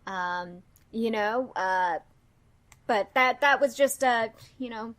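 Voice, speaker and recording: A woman's voice: on the high side, takes it slowly, fairly bright tone. Woman doing a smarmy, flustered young man. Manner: pleading and flustered. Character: smarmy nervous young man who dislikes conflict.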